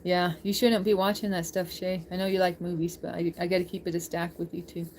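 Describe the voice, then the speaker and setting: A woman's voice: fairly low pitch, level tone, fairly quick, darkish tone, a little hiss or hum. A woman live-streaming, chatting casually with her viewers, laughing often and reading chat aloud.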